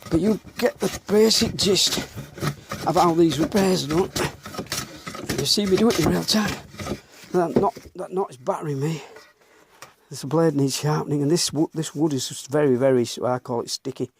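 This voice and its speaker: Pitched on the high side and talking at normal speed, a man from Northern England narrates his woodworking bluntly while working in his workshop, slightly out of breath. He tends to mutter and lets slip the odd mild swear word. The recording carries clear workshop sounds of planing, rubbing and wood.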